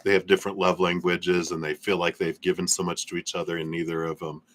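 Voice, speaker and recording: A man's voice: deep voice, little pitch movement, fast talker, fairly bright tone. A man giving a live tarot reading in a loose, rambling way, full of fillers and small laughs. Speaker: tarot reader.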